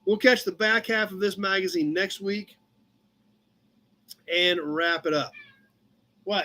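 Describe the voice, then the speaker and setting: A man with a fairly high voice hosts a relaxed live chat from his shop office. He rambles through old car magazine pages in an easygoing way and breaks off now and then to talk to his cat. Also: takes it slowly, long pauses. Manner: rambling, chatty, talks to his cat between comments. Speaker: livestream host.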